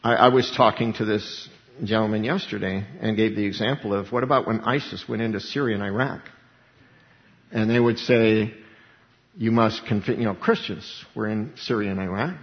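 A man's voice: mid-range voice, animated, normal speed, long reverb tail, muffled recording. A man preaching a sermon, emphatic, repeating key words and acting out little dialogues.

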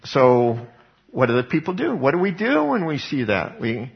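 A man's voice: medium pitch, huge pitch swings, normal speed, vocal fry, dull audio. A man preaching a Bible teaching sermon, retelling scripture as conversational storytelling. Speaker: pastor.

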